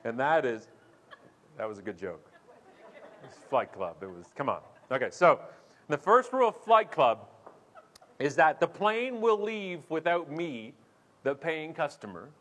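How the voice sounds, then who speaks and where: A man, somewhat high-pitched for a guy, works a crowd with a comic tale. His voice leaps all over the place as he acts out the people in the story, and he swings from quiet asides to big, loud punch lines. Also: big pitch swings, unhurried, pauses often. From Canada. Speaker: keynote speaker and show host. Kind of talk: humorous storytelling talk.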